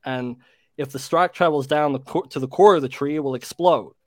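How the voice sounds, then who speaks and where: A man's voice: a little high, fairly quick, dry recording, studio quality. A man with a British accent from the United Kingdom, reading aloud in casual group chat.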